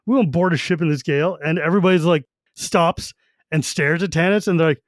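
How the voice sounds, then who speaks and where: A man co-hosting a casual book podcast, animated and quick to laugh while retelling scenes. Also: high-pitched, no echo. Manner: animated, laughs often, reads quotes in voices. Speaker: podcast co-host.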